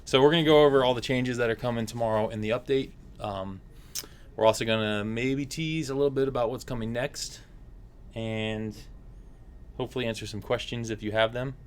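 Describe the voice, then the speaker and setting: A man's voice: mid-range voice, fairly quick, a little hiss or hum. A man hosting a casual game livestream, chatty and upbeat, with frequent fillers. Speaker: stream host.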